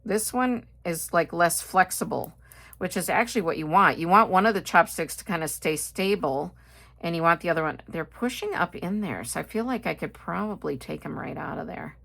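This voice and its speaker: A woman's voice: lowish voice, animated, moderate pace, gravelly, fairly bright tone. A middle-aged woman with a Midwestern American accent, chatting casually through a shopping haul, rambling with lots of fillers and asides. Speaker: haul video host. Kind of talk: casual chat.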